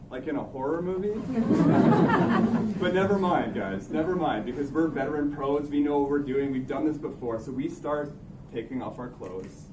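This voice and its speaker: A young man with a fairly high voice tells a comic story to a live audience, wry and building suspense. He sounds roomy and set back from the mic. Steady background noise fills the room. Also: distant mic. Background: room ambience noise.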